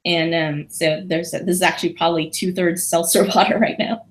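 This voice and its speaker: A woman's voice: lowish voice, steady tone, fairly quick. A woman guest on a podcast, chatting casually and self-deprecatingly, with lots of restarts. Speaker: podcast guest, lawyer and comedian. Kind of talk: casual conversation.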